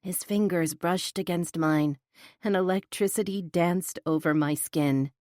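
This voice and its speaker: Low-voiced woman narrating an audiobook. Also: a little slow, no room sound, clean studio sound. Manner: expressive, flustered inner monologue. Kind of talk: first-person audiobook narration.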